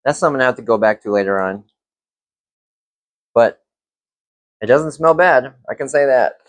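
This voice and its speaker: A young man reviewing fragrances in a casual vlog, relaxed and rambling with lots of fillers. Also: medium pitch, moderate pace, dry recording.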